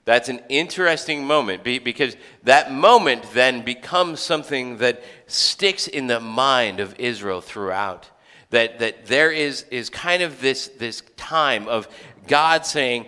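A man's voice: medium pitch, a little slow, bright, forceful tone. A man preaching a sermon as a pastor in a church, conversational, with joking asides and frequent restarts. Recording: long hall reverb.

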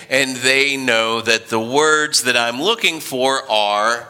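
A man's voice: fairly high pitch, a little slow, sharp tone, smooth. A man preaching a sermon, thoughtful and hesitant, often repeating his words as he searches for them. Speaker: pastor.

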